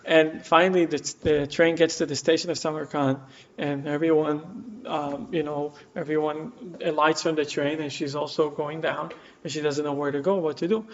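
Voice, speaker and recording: In a community center classroom, a man with a slightly high, steady voice teaches a class at a normal pace, telling a story full of fillers and restarts and acting out the quoted lines. The dull, lo-fi room recording carries a little background noise.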